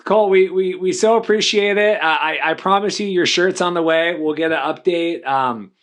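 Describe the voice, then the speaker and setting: A man with a slightly raised voice hosts a relaxed podcast chat. He talks in a friendly, easygoing way and wraps things up with thanks. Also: sits high, moderate pace. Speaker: podcast host.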